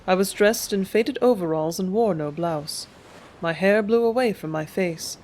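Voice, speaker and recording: Calm woman reading an audiobook. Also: mid-range voice, moderate pace. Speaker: audiobook narrator. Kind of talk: audiobook reading, first-person memoir.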